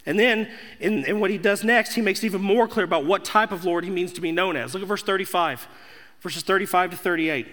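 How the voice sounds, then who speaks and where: High, bright-voiced preaching man. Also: fairly quick. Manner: emphatic preaching with rising, repeated declarations. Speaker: pastor. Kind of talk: sermon. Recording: echoey hall.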